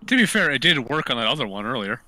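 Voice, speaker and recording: A man with a bright, forward voice plays a tabletop game. He talks a lot in casual chat, hesitating and thinking aloud as he goes. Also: mid-range voice, very animated, fast. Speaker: player.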